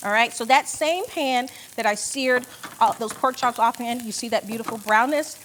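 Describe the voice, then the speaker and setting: A woman's voice: fairly high pitch, normal speed, a bit bright, a little hiss or hum. A woman chef doing a cooking demonstration in a studio kitchen, upbeat and gushing. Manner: upbeat, gushing, says "beautiful" a lot.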